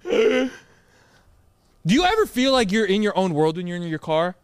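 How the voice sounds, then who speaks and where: A man co-hosting a podcast in casual chat, animated storytelling with sudden jumps in his voice. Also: high voice, normal speed, clean tone, no echo, clean studio sound. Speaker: podcast co-host.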